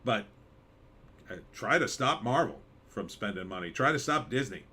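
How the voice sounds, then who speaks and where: A man's voice: lowish voice, lively intonation, moderate pace, bright, forceful tone, husky. A man hosting a casual live stream, reading chat and giving sarcastic commentary with mocking asides. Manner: sarcastic, jumps into mocking skits and pirate voices.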